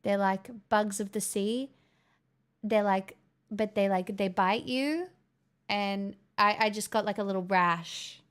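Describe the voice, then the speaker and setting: This young streamer talks slowly into a headset mic, her medium-pitched voice smooth, fairly bright and fairly even in intonation. She chats casually with viewers, giggling, rambling and poking fun at herself.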